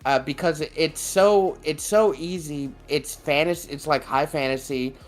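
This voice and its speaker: A man's voice: fairly high pitch, a little slow, faint music behind. A man co-hosting a podcast in casual chat, rambling, laughing often and swearing casually. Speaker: podcast co-host.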